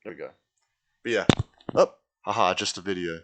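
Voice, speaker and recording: A man's voice: deep voice, moderate pace, very noisy. A man live-streaming a video game, chatting casually and answering viewers from chat.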